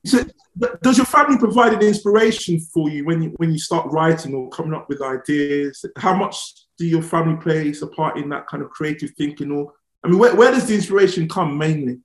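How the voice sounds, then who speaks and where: A man's voice: fairly high pitch, a little fast, reverberant. A man interviewing a guest, stacking several questions together.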